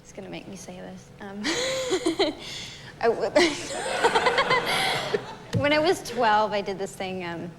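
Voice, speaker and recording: A woman's voice: a little high, wildly swooping pitch, takes it slowly, pauses often. A young woman in her twenties from South Carolina, a guest on a talk show, chatting and laughing often. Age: 20s. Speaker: actress guest. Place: television studio. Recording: roomy studio hall with noise.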